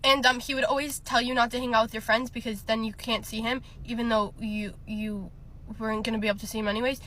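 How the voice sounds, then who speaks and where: A woman's voice: a little high, level tone, quick pace, bright, forceful tone, a little hiss or hum. A young woman telling a personal story in a casual storytime, chatty, laughing often and filling with lots of ums and likes.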